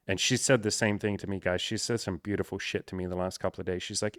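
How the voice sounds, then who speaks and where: Deep-voiced man, close-miked and emotional. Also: steady tone, quick pace, few pauses, fairly bright tone, no room sound. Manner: candid, swears freely. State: emotional, near tears. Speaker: podcast host. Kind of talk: personal monologue to camera.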